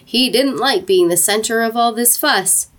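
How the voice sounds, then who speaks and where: A woman narrating a children's storybook aloud in an expressive, playful way. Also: a little high, normal speed.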